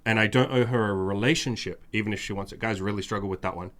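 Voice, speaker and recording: A man's voice: on the low side, fairly even intonation, quick pace, fairly bright tone. Blunt, profane male podcast host. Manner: blunt and profane, emphatic lists and repetition; mimics whiny demands in a raised voice. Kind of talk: casual podcast chat.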